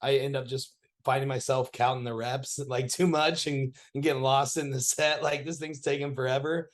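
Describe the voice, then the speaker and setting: A man's voice: mid-range voice, steady tone, normal speed. A man with an American accent, a podcast guest talking frankly and loosely, with many fillers. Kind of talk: casual chat.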